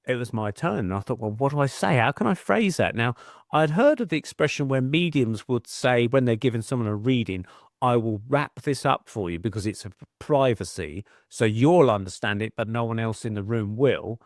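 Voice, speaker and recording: A man's voice: mid-range voice, animated, moderate pace, no echo, studio quality. A middle-aged man, a podcast guest telling chatty anecdotes and acting out quoted voices. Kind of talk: casual storytelling.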